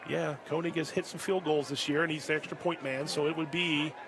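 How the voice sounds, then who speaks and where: A man calling a high school football game play by play, getting louder and higher on big plays. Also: fairly even intonation, a little fast, noisy background. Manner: rises sharply in pitch and volume on big plays. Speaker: play-by-play announcer. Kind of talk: live sports commentary. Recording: crowd and music behind. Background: crowd and music.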